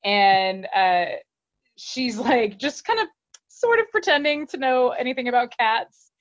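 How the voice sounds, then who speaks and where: Chatty woman podcaster, higher voice. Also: animated, lo-fi sound. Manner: chatty, quotes characters in quick asides. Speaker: podcast co-host. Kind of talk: casual chat recapping a TV episode.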